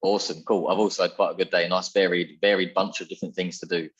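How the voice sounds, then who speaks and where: A man's voice: deep voice, level tone, fast talker, breathy edge, dull audio. A man hosting a podcast interview in an upbeat, chatty, effusive way. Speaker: podcast host. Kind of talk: casual interview chat.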